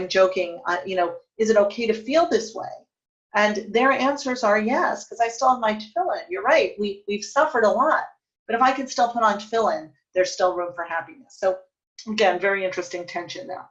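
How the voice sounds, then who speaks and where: A woman's voice: mid-range voice, a bit bright, highs cut off. A woman teaching a Talmud study lesson, reading passages aloud and translating them, thinking aloud and correcting herself as she goes. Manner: thinks aloud, self-correcting with fillers and restarts.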